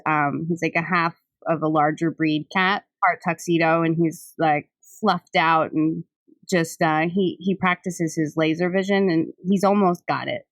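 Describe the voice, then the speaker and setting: A young woman in easy podcast chat, talking in a slightly low voice and laughing often. Her speech is full of casual fillers, and the recording is dry and close with no room sound. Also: a bit bright, no echo. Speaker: podcast host.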